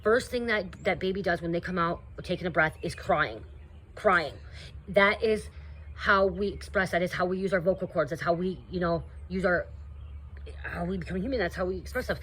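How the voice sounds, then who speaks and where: A woman with a slightly low voice talks straight to her viewers in a loose, rambling stream of spiritual advice. She keeps asking "okay?" and filling gaps with "you know", coaching rather than lecturing. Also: normal speed, a bit bright, husky. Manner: earnest, coaching tone addressing viewers. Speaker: spiritual content creator. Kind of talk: casual spiritual advice monologue.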